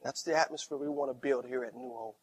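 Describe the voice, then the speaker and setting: A middle-aged man preaching a sermon as pastor, swinging from quiet storytelling to loud, emphatic lines. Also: mid-range voice, quick pace, creaky, husky.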